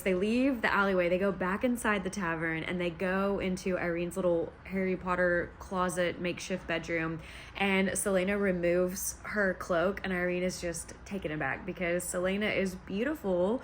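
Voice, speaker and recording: A young adult woman vlogger chattily retelling a fantasy novel's plot from her couch at home, animated and full of playful asides. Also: fairly low pitch, slight background noise. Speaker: book vlogger. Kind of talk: casual plot recap.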